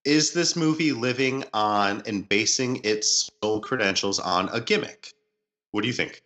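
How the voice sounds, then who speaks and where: Low, forceful-voiced screenwriter co-host. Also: male voice, moderate pace. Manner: earnest, thinks aloud with long explanations. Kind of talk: casual movie chat.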